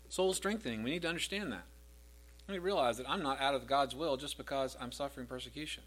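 A middle-aged man, a pastor, preaches a sermon at medium pitch and a fast clip. He leans hard on his words, growing louder and higher as he repeats lines of scripture, then settling back down.

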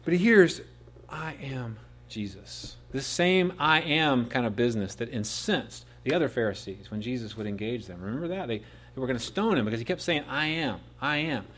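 Man, preacher, sermon, mid pitch, loud swells then hushed slow asides. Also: lively intonation. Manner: swings between loud emphatic peaks and soft low asides; slows right down to dwell on key phrases.

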